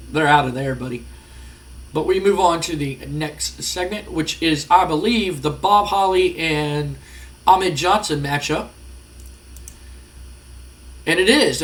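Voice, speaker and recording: A man's voice: a little high, a bit bright. Casual man rambling over a game. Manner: rambling, casual, many fillers. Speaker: gaming channel host. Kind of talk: let's-play commentary.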